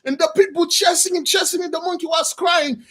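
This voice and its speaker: A man preaching through an animated moral story, excitable and bursting into shouts, in simple non-standard English. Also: very high-pitched, a little fast.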